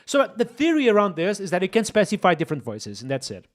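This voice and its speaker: A man streams himself coding and keeps up a running commentary to his viewers. His voice sits a little high and swoops all over the place. He is excitable and often breaks into exclamations. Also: fast, few pauses. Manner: excitable, exclaiming, talks to chat. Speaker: streamer, host.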